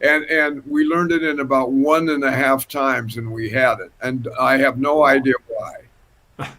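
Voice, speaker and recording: An older man telling a lively, laughing anecdote as a guest musician on a casual panel, talking over a video call from home. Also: mid-range voice, unhurried, low-quality recording. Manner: animated, laughing anecdote teller.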